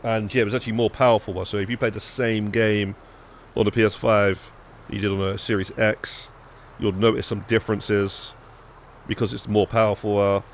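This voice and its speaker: Casual gaming stream chat from a young British streamer: he rambles, restarts himself and swears as he plays. His fairly low voice barely moves in pitch and keeps a normal speed, with a little hiss or hum underneath.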